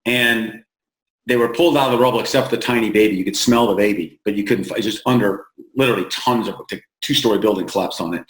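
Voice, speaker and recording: A man from the United States, an interview guest, telling stories plainly and earnestly with halting restarts, slowing down to stress points. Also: lowish voice, a bit bright. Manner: plain-spoken, halting restarts, slows for emphasis. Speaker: founder of an aid group, interview guest. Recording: roomy echo.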